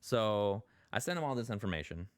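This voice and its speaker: A man's voice: lowish voice, sing-song, fairly quick, smooth, no echo. A man telling a rambling, exasperated personal story in a casual vlog, full of fillers. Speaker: vlogger.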